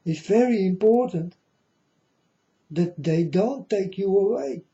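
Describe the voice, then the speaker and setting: A man's voice: high voice, takes it slowly, gravelly, mellow, muffled recording. Earnest man warning his folks. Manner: repetitive, earnest, addresses listeners as folks. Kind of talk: rambling spoken warning to viewers.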